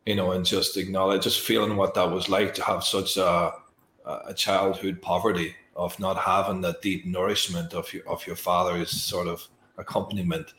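A male host, speaking slowly and softly as he reflects emotionally on what his guest shared. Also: low voice, little pitch movement, roomy sound. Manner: slow, soft and emotionally reflective. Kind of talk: reflective interview talk.

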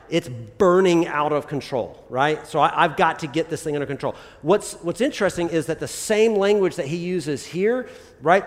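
A man preaching a casual, conversational sermon as a pastor, often checking in with his listeners with "right?" and "okay?". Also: fairly high pitch. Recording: long reverb of a large hall.

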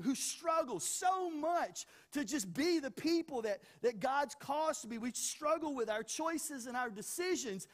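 Animated male pastor preaching. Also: extremely high pitch. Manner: animated, with humorous asides; repeats words as he builds points. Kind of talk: sermon.

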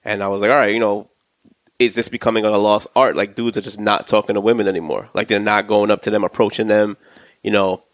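Fast-talking New man, low voice. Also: steady tone, no echo, clean studio sound. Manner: rambling, repeats himself, lots of fillers. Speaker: podcast co-host. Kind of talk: casual chat.

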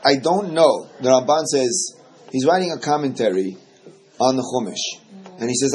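A man teaching a Torah study class, animated and often repeating words as he explains. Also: medium pitch, normal speed.

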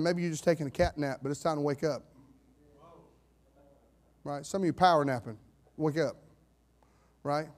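Man, pastor, high-pitched, fiery preaching that drops to calm reading. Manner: swings from shouted declarations to low, steady scripture reading. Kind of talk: sermon.

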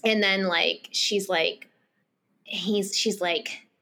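A woman's voice: mid-range voice, steady tone, very slow, pushed and bright. A woman co-hosting a podcast, recapping a romance novel in casual chat, rambling with lots of fillers and acting out bits of dialogue. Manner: rambling, filler-heavy, acts out character lines. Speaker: podcast co-host.

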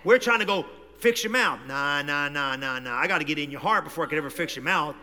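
A man preaching a sermon with animated delivery, going from low conversational talk to loud shouting in a church. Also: fast talker, long reverb tail. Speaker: pastor. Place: church hall.

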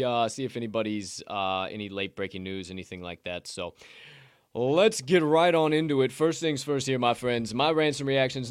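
A man from Chicago hosting a casual betting podcast at home, excitable and rambling, swearing freely and breaking off to scold his cat. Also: mid-range voice, clear, resonant tone, no echo, clean studio sound. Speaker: sports betting podcast host. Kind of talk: casual solo live-stream talk. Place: home condo.

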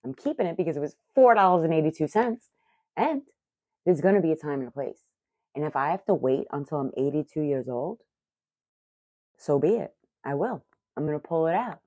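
A woman in her thirties telling a story casually to the camera as a vlogger, animated, profane and self-mocking. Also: sits low, a little fast, pauses often, no echo. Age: 30s. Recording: muffled lo-fi audio.

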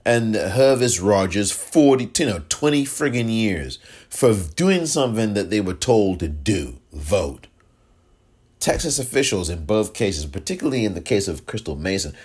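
A man's voice: lowish voice, slightly rough. A man hosting a solo political podcast, ranting with exasperation, swearing freely and throwing in sarcastic asides. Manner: animated, exasperated, profane, quick sarcastic asides. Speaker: podcast host.

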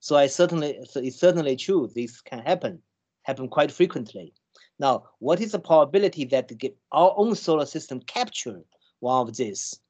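Halting man explaining with many restarts. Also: medium pitch, animated, darkish tone. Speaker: scientist guest. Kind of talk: conversational explanation.

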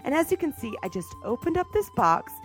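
A woman's voice: sits high, big pitch swings, a little fast, soft background music, pitched above the performer's own voice. A woman playing a chirpy TV cooking host. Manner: chirpy, salesy, instructional. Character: perky female TV cooking show host. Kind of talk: parody cooking show sketch.

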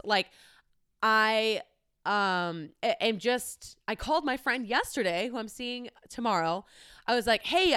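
A woman's voice: medium pitch, fairly bright tone, clean tone, dry recording, clean studio sound. A young adult woman hosting her own podcast, talking alone in a casual, candid way, full of "like" and the odd swear word. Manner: chatty, candid, peppered with "like" and swearing. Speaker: podcast host. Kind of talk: casual solo podcast monologue.

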